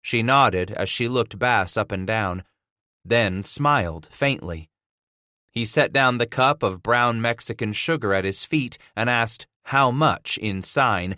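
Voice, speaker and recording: Steady male audiobook narrator, dry close read. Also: fairly low pitch, no echo. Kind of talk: scripted narration.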